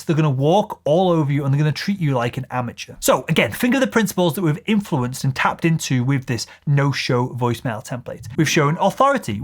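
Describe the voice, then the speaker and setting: Male sales coach, assertive and lively, fairly high-pitched, instructional delivery. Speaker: sales trainer. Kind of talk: instructional video.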